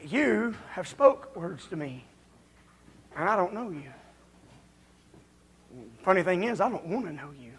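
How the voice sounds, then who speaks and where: A man preaching a folksy, confrontational revival sermon as a visiting preacher in a church, building up to shouting. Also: sits high, sing-song, measured pace, long pauses, husky. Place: church during a revival service.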